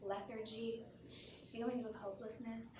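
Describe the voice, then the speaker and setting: High-voiced woman doing a mock motivational talk. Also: flat delivery, moderate pace. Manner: mock-earnest self-help speaker, giggly. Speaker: stand-up comedian. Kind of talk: parody motivational talk on stage. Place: small theater stage. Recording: echoey theater from far off, noisy. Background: audience laughter.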